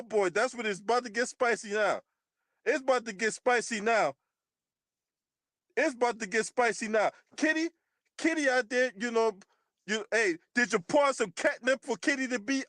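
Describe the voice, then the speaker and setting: A man's voice: very high voice, normal speed, long pauses, fairly bright tone, no room sound, studio quality. A man hosting his own channel who reads out a news story and comments on it, mocking the people in it, swearing freely and often laughing.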